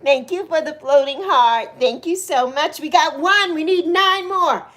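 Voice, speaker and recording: High-voiced woman in her sixties chatting. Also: unhurried. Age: 60s. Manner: warm, emotional, greets viewers by name; laughs easily, swoops up to excited highs. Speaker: livestream host. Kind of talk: casual livestream chat.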